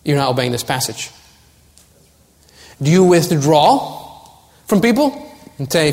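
A man's voice: fairly high pitch, very animated, a little slow, vocal fry, pauses often, darkish tone. A man preaching a sermon as pastor, earnest and building to urgent warnings. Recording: long hall reverb.

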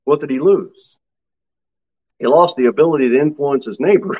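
A man preaching a sermon as pastor, swinging from low, quiet asides to high, ringing exclamations. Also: normal speed, long pauses, slightly rough, dull audio.

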